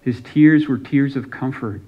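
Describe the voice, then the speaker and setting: A man's voice: mid-range voice, unhurried, dull audio. A man preaching a sermon as pastor, reading scripture aloud and giving some lines dramatic emphasis.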